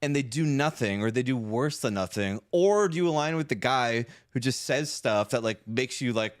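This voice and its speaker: Animated and moderately paced, this medium-pitched man co-hosts a podcast and goes off in loose, profane conversation, leaning constantly on "like" and "right?". The sound is clean studio audio with no echo.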